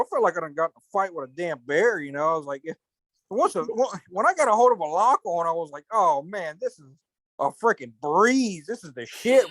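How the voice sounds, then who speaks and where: A man's voice: fairly high pitch, a bit bright, no room sound. A man telling rambling, colloquial hunting stories in casual chat. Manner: rambling, colloquial, drawn-out storytelling with cursing. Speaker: podcast host.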